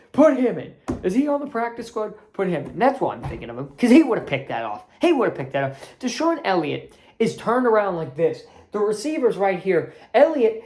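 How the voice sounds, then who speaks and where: A woman hosting her own sports channel, delivering a fired-up, profane rant as a fan. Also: mellow. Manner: profane, fired-up ranting with big swings in pitch. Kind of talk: ranting sports commentary vlog.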